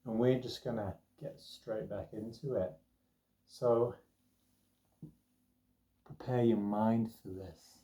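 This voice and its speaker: A man's voice: fairly low pitch, mellow. Young guy rambling thru a story, lots of likes and ums, kinda far from the mic, echoey room. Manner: rambling, chatty, lots of fillers. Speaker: vlogger telling a personal story. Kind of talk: casual storytelling.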